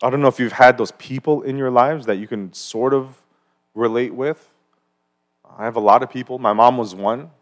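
At a church service, a pastor with a medium-pitched voice gives a conversational sermon sprinkled with personal stories and asides. It builds toward emphatic rhetorical questions.

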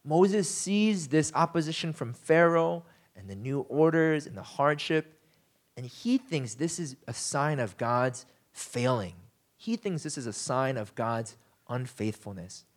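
A man preaching in a relaxed, conversational way, his somewhat high voice swinging up and down with lots of life. He tells the story with plenty of "you know" and "like" fillers and slips into acted-out quotes. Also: a little slow. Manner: casual, animated storytelling with frequent fillers; acts out quoted lines in shifting voices. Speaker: pastor. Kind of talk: conversational sermon.

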